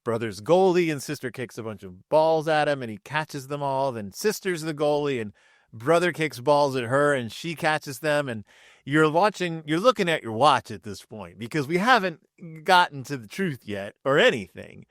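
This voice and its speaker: A man hosts his own podcast from home, retelling cartoon stories in a loose, chatty way. His pitch swings widely as he dips into brief voices for the characters. The sound is dry and close, with no room around it. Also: expressive, normal speed, fairly bright tone, no echo. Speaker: podcast host reviewing cartoon episodes. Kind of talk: casual solo commentary. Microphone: microphone with camera.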